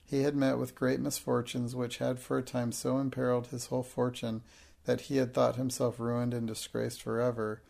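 Male audiobook narrator, gravelly, flat delivery, measured. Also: medium pitch. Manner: steady, measured storytelling. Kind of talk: audiobook reading.

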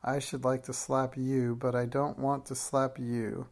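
A caring young schoolgirl with a steady, soothing voice and a firm edge when pushed, as a storybook reader voices her. The delivery sits close to the reader's plain narration, measured and even. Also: mid-range voice, gravelly. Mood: restrained. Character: kind but fiery young schoolgirl.

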